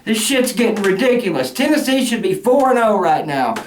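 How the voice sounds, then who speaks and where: A man's voice: sits high, big pitch swings, a little fast. Cussing man ranting, roomy echo. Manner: angry, cussing, loud outbursts. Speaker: sports fan vlogger. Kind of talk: profane ranting fan rant. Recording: roomy echo, faint noise.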